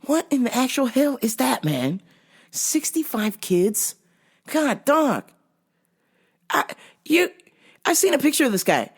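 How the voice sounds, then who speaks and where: A woman telling a story in a casual vlog, animated and profane, often laughing. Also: sits high, takes it slowly, pauses often, breathy edge. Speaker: vlogger.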